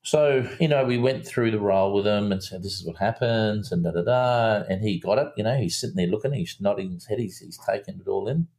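Gravelly man, a director guest, rambling animated anecdotes. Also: fairly low pitch, brisk, hardly any pauses. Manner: animated storyteller, acts out quotes in a raised voice, many fillers and restarts. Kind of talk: casual storytelling interview.

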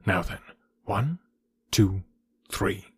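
A man voicing a composed, clever Victorian detective with a measured, dryly amused delivery in an audiobook. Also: fairly low pitch, lively intonation, fairly bright tone, husky, no echo, studio quality, full character voice.

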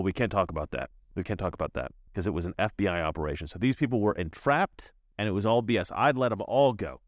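A man giving opinionated commentary as a YouTuber, emphatic and repetitive, with animated asides. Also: sits low, no room sound, studio quality.

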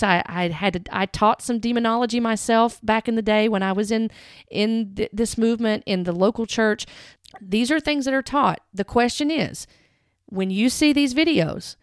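Woman commentator, earnest and direct, smooth clear tone, dry close sound. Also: fairly high pitch, no room sound. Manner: earnest, direct, stressing words. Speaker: Christian commentator. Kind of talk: earnest commentary with read-aloud quotes.

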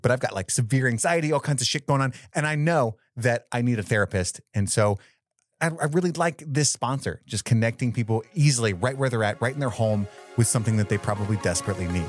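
A man's voice: mid-range voice, quick pace, faint music behind. A man co-hosting a podcast, talking candidly and joking around in casual chat. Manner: candid, jokey, does playful character bits. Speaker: podcast co-host.

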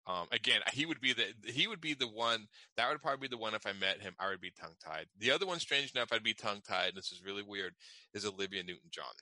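A man's voice: fairly low pitch, lively intonation, quick pace, bright, forceful tone, no room sound, poor audio. A man in casual conversation, speaking in a laid-back, reflective way. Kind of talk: casual chat.

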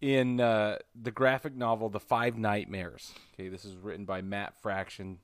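A man co-hosting a casual podcast, enthusiastic and quick to laugh. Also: fairly low pitch, no room sound, clean studio sound. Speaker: podcast co-host. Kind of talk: casual chat.

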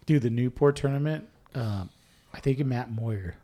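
A man's voice: mid-range voice, unhurried, dark tone. Profane, rambling male podcast host. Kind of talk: casual chat.

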